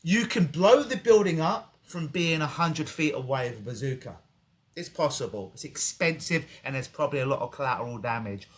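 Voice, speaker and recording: A man's voice: on the high side, lively intonation, fairly quick. A man with an English accent, a clinical hypnotist talking casually in an interview over a video call, vivid and joking, with the odd swear word. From England.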